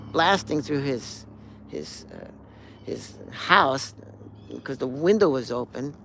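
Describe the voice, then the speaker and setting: A man in his sixties hosts a live stream, telling a rambling, animated story and occasionally humming melodies and acting out quotes. His voice is mid-range, and the background is noisy.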